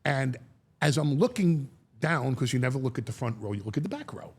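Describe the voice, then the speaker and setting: A middle-aged man telling stories in a sit-down interview, animated and prone to repeating words, acting out the voices of the people he quotes. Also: medium pitch, a little fast, breathy edge. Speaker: guest.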